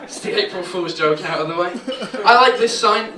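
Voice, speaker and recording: A man's voice: sits high, normal speed. A man doing a crude, chatty stand-up set, laughing at his own jokes. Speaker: stand-up comedian. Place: small comedy pub stage with audience. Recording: echoey room, distant mic, loud crowd.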